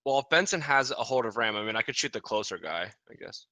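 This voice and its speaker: A man at a tabletop game with a bright, forward voice. He checks rules quickly and hesitates over his choices. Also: medium pitch, expressive. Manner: quick questions, unsure about rules. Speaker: player.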